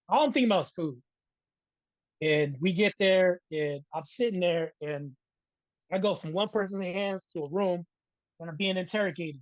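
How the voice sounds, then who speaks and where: A middle-aged man recounts his past as an interview guest, animated and conversational, tossing in "right?" after his points. The recording is dry and a little dull, close with no room sound. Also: sits high, a little fast, dry recording. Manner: animated, keeps adding "right?". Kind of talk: storytelling in a casual interview.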